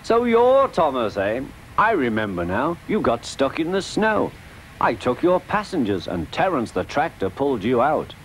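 Friendly bragging bus played by a man, storybook voice, bouncy pitch, music behind. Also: big pitch swings, moderate pace, slight background noise, natural voice, low-quality recording. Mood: teasing. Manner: teasing, jolly. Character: cheerful boastful male country bus.

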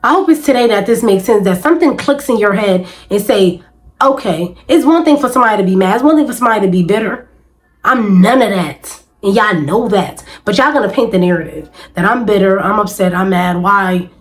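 A woman's voice: medium pitch, animated, a little fast, low-quality recording. A woman vlogger, venting emphatically and repetitively in casual talk to camera.

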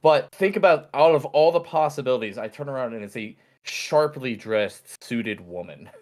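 A man's voice: mid-range voice, lively intonation, normal speed, a little mellow. Rambling man telling a story on a podcast. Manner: rambling storyteller, many fillers and restarts. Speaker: podcast co-host. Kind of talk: casual podcast chat.

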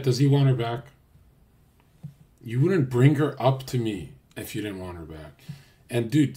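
A brash young man livestreaming in a casual, crude rant that swings from loud outbursts to low mutters.

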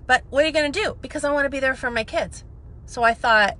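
Vlogger woman in her thirties, animated and self-deprecating, clear bright tone, a little high. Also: fairly quick. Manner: chatty, animated, self-mocking, swings between hushed and loud. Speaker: vlogger, makeup seller. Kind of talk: casual storytelling to camera.

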